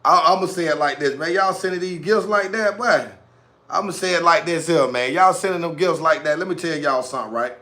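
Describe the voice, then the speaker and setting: A young man runs his own live stream, his voice pitched a little high and sounding bright and forceful. He talks in loose, slangy, repetitive bursts, hyping the chat and thanking viewers for gifts. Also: a little fast. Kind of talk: casual live-stream commentary.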